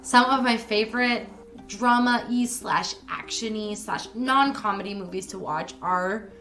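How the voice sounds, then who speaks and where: A woman's voice: medium pitch, a little slow, a bit bright, faint music behind. A woman co-hosting a casual movie review podcast, rambling through her thoughts, swearing freely and putting on playful mock anger. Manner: rambling, restarts sentences. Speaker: podcast co-host.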